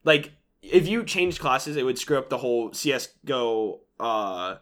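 A man chatting casually on a podcast, talking in animated bursts with many restarts. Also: mid-range voice, measured pace. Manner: animated, trailing restarts, self-deprecating. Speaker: podcast co-host. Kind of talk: casual chat.

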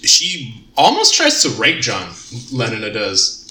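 A man talks through a novel in casual, profane chat, throwing himself into the characters' lines. His voice is very bright. The recording sounds roomy and echoey, with light background noise. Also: fairly low pitch, a little slow. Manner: animated, swearing, acts out characters' lines. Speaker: podcast co-host discussing a novel. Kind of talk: casual book-club chat.

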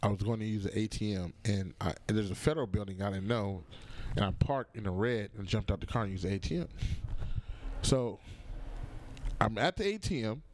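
A man's voice: on the low side, a little fast, a little hiss or hum. A man who works as a comedian, talking as a guest in a casual chat. He rambles, swears freely and acts out what other people said. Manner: rambling, profane, acts out quotes.

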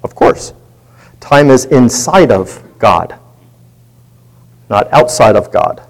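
A man's voice: mid-range voice, animated, takes it slowly, poor audio. A man leading a Bible study, teaching in a conversational way and putting questions to his group.

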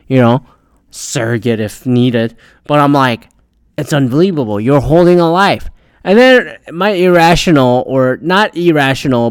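A young adult man hosting a podcast, ranting in a rambling, profane, animated way. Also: mid-range voice, clean tone, no echo. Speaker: podcast host. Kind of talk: profane solo rant.

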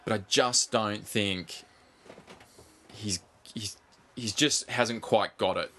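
A man co-hosting a casual sports podcast, animated, swearing freely and pushing on through interruptions. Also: fairly low pitch, slow, a little hiss or hum. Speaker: podcast co-host.

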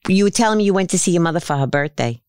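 A woman's voice: fairly low pitch, animated, rapid-fire, a little mellow, clean tone, no echo, clean studio sound. A woman hosting a casual chat, asking questions and giving short reactions.

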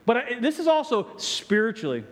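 A man's voice: extremely high pitch, very animated, fairly quick. A man preaching a sermon as pastor, stumbling through many restarts and acting out voices. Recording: echoey hall reverb.

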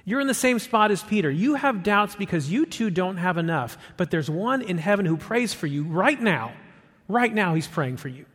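A man preaching a sermon as pastor, emphatic, rising on his questions and dropping low and soft for quotes. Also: animated, moderate pace, breathy edge, in a large hall.

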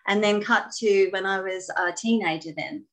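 A woman telling stories about her ballet training in a casual interview, animated and laughing often. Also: medium pitch, moderate pace, low-quality recording. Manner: animated, laughing, expressive storyteller. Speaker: guest, former ballet dancer.

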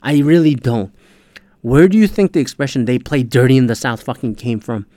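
A man's voice: mid-range voice, animated, fairly quick, warm tone, dry recording. A man hosting a podcast, ranting in a casual, heated, profanity-laced monologue. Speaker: podcast host.

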